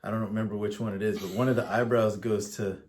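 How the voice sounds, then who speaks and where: Earnest man with a lowish voice. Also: steady tone, fast, darkish tone, a little hiss or hum. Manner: earnest, frank, joking asides. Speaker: podcast co-host. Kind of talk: casual advice chat.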